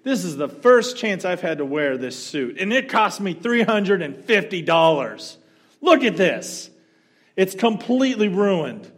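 A man voicing an angry restaurant customer yelling about his ruined suit. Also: high-pitched, very animated, measured pace, pitched above the performer's own voice. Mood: furious. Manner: yelling, indignant. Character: rude angry male diner in ruined suit.

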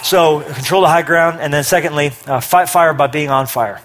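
A middle-aged man preaching a sermon, energetic, rising to forceful emphasis with quick asides. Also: on the high side, a little hiss or hum. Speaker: pastor.

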